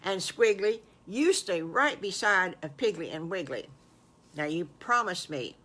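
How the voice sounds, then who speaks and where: A woman's voice: fairly low pitch, expressive, unhurried. Grandma voicing a firm mother pig. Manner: soft, earnest, instructing.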